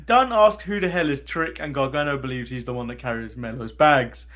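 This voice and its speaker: A man's voice: medium pitch, fairly quick, a bit bright. Englishman recapping with a chuckle. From England. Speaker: podcast co-host. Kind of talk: casual chat.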